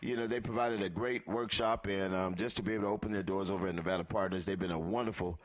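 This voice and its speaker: A man's voice: deep voice, fairly even intonation, quick pace. A man emceeing a live event, thanking sponsors and calling guests up one by one in an upbeat way.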